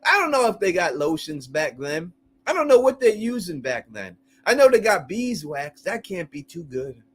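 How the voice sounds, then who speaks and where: A man hosting a casual call-in live stream, animated and crude, laughing often and using lots of slang. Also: high-pitched, normal speed.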